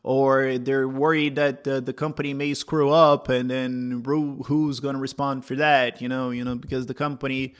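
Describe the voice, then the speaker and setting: A Brazilian libertarian commentator, a native Portuguese speaker, rambles as a guest in a casual interview, interrupting himself, restarting phrases and laughing often. His medium-pitched voice is clean and level, at normal speed with few pauses.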